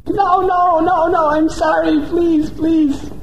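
A man voicing a bandit chief, gruff when scheming and wailing high when he begs. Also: expressive, slow, dark tone, dull audio, a little hiss or hum. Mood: begging. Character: bandit chief, male, proud then terrified. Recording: roomy echo.

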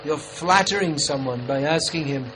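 A man's voice: a little high, moderate pace, crowd noise, poor audio. A man in his fifties giving a sermon in a conversational, wry and emphatic manner. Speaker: preacher.

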